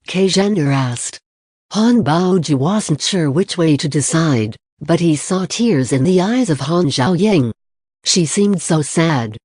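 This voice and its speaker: A narrator reading a martial arts novel in an even, unhurried audiobook style. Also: medium pitch, dry recording, studio quality.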